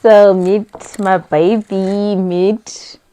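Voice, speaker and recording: A young South African woman vlogging in a casual, excitable, giggly way, switching between languages. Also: medium pitch, drawn-out words, smooth. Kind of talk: casual vlog chat.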